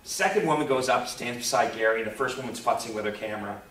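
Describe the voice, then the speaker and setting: A man's voice: mid-range voice, fast, slight background noise. A man hosting a convention panel, telling an anecdote to a live audience and acting out the people in it. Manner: lively storyteller, acts out the people in his story. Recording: echoey room, voice from far off.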